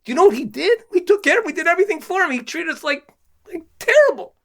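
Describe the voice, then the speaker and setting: A man's voice: very high voice, sing-song, fast talker, gravelly, fairly bright tone, voice pushed up, exaggerated voice. A man voicing an indignant middle-aged host who feels wronged, with incredulous, rising outbursts.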